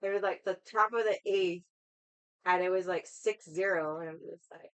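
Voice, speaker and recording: A woman with a lowish, clear, resonant voice hosts a casual livestream, chatting with viewers at a moderate pace in a rambling way and swearing freely. The recording quality is low.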